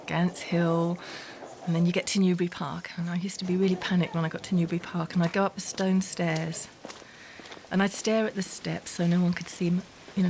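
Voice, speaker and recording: Soft-spoken woman, lowish voice. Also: slight background noise. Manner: intimate, often drops to a whisper. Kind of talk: spoken-word memoir narration.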